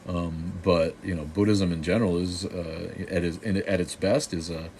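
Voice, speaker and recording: Deep-voiced snarky man hosting a stream. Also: fairly even intonation, moderate pace, darkish tone, a little hiss or hum. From Boston. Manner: snarky, joking, loose with many restarts. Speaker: live stream host answering viewer comments. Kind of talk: casual live-stream Q&A.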